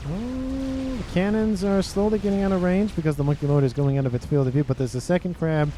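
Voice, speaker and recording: Joking male game commentator, warm tone. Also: on the high side, fast talker, slight background noise. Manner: chatty and joking, often laughing and repeating himself. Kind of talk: casual commentary on a strategy game match.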